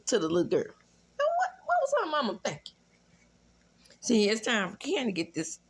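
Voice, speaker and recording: A woman with a Southern accent hosting a casual reality TV recap, sassy and animated with profane asides. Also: mid-range voice, breathy edge.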